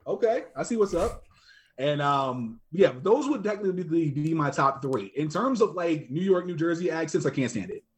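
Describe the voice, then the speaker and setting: A man's voice: a little high, lively intonation, normal speed, hardly any pauses. A young man chatting casually as a podcast guest, joking and loose, with plenty of fillers. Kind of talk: casual chat.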